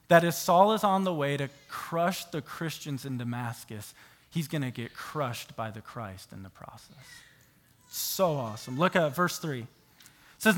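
A man preaching a sermon, telling the story with animated rhetorical questions to his listeners. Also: on the high side, a little slow. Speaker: pastor.

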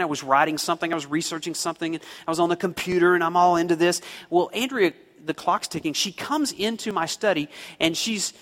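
A man's voice: sits high, bright, forceful tone. Preacher man in a reverberant hall. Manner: storytelling with rising emphatic pleas. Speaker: pastor. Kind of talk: sermon.

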